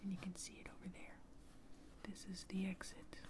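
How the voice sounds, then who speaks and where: A woman telling an improvised bedtime story as whispered role-play, slow and soft. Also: mid-range voice, completely flat delivery. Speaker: ASMR storyteller.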